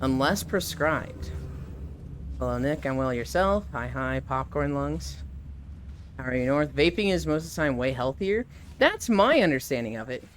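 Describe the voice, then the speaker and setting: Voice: medium pitch, lively intonation, moderate pace, a little hiss or hum. A live streamer chatting casually with viewers, laughing often and reading chat messages aloud.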